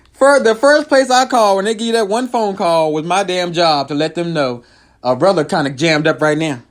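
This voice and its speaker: A male comedian and show host tells his viewers a personal story in a casual, animated style, talking fairly quickly. He swings between loud, high-pitched outbursts and low, quiet asides.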